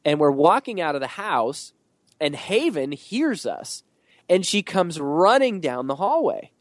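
A man guest on a podcast, answering in an animated storytelling way, building his points in rhythmic lists. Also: fairly high pitch, unhurried, no room sound, clean studio sound. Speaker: podcast guest, author and speaker.

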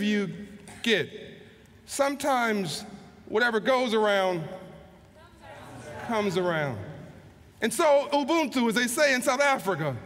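High, bright-voiced man speaking in a hall. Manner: repeats words while telling, then slows for emphasis. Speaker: motivational speaker. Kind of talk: storytelling speech to an audience. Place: large hall, live event. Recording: long hall reverb.

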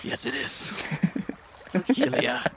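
A man playing a tabletop game with a gravelly, creaky voice at a middle pitch. He gives his devout character a stiff, solemn manner. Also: takes it slowly, noisy background. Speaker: player.

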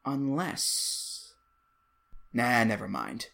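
A man's voice: mid-range voice, sing-song, takes it slowly, vocal fry, a bit bright. A man hosting a solo podcast, talking casually with playful, jokey asides. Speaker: podcast host.

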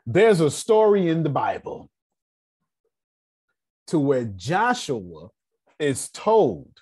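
A man's voice: fairly high pitch, wildly swooping pitch, slow pace, pauses often, darkish tone, husky. A man leading a motivational seminar, preaching and firing rhetorical questions at his audience. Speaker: seminar leader. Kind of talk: motivational teaching.

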